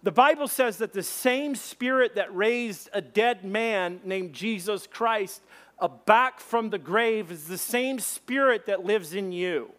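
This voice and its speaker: A man preaching a sermon, telling a funny story and acting out shouted voices. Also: high-pitched, slow. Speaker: pastor.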